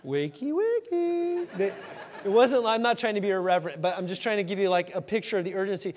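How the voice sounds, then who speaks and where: A man preaching a sermon in a lively, conversational way, acting out the voices in the story with sudden shouts. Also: high-pitched, rapid-fire. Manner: animated, conversational, acts out quoted voices with shouts. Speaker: pastor. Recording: hall reverb.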